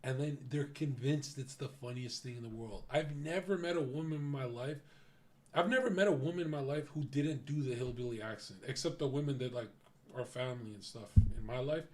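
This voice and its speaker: A male streamer ranting bluntly to his chat with a noticeable lisp. His pitch sits in an ordinary middle range. He rambles in a casual, profane, off-the-cuff way. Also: a little fast, a little mellow. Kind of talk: casual reaction-stream commentary.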